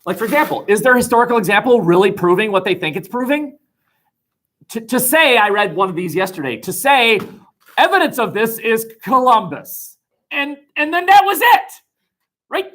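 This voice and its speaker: A man teaching a history class, animated and joking, asking the room rhetorical questions, recorded on a classroom webcam. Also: very high voice, brisk. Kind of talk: classroom lecture.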